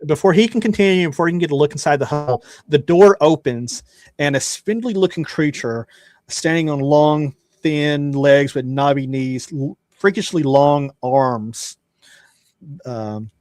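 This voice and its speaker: A man's voice: a little high, a little slow, a little mellow, no echo, clean studio sound. A man narrating a tabletop game as game master in a casual way, with many fillers and restarts.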